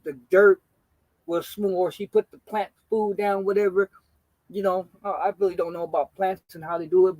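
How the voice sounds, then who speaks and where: Forties male streamer, high pitch, relaxed slangy chat delivery, dry close mic. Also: no echo, low-quality recording. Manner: laid-back, slangy, swears freely, greets chat. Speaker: gaming streamer. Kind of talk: casual live-stream storytelling.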